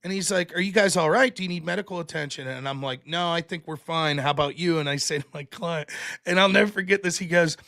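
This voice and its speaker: A man hosting a podcast, telling a story in a casual, animated way. He acts out the people he quotes with loud bursts and laughs often. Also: a little high, fast talker, vocal fry. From United States. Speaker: podcast host.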